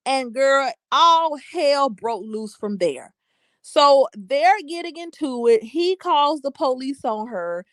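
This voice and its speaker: Sassy young woman, bright voice, dry sound. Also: high voice, slow pace, dry recording. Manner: animated, sassy, emphatic. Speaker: livestream host reading comments. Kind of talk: casual commentary chat.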